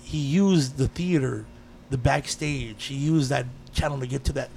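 A man in casual chat, telling a personal story with lively energy and frequent swearing. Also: mid-range voice, normal speed, gravelly, a little hiss or hum. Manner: animated storyteller, swears freely.

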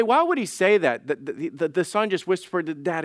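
A male pastor preaching with fervor, his fairly high voice rising into loud declarations and then dropping to near-hushed pleas. He acts out the people in his story as he goes. The sound is close and dry, with almost no room echo. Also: lively intonation, brisk, hardly any pauses. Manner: impassioned preaching that swings between soft pleading and loud declaration. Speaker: lead pastor. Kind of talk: sermon.

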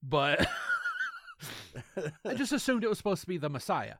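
A man with a Southern US accent hosts a casual comedy podcast, his slightly high voice swinging widely as he reads emails aloud with sarcastic, mock-dramatic commentary. He laughs often between lines. The sound is close and dry. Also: sing-song, normal speed, fairly bright tone, dry recording. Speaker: podcast co-host.

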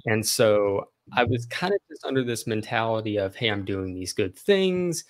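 A man's voice: fairly low pitch, lively intonation, moderate pace. A man in his twenties, a podcast guest, explaining himself in a friendly, earnest way at length. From American South. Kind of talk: casual interview chat.

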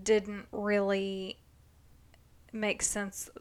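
A woman's voice: mid-range voice, monotone, drawn-out words, darkish tone, clear, resonant tone. A young woman co-hosting a podcast in casual chat, laughing and teasing. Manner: giggly, teasing. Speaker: podcast co-host.

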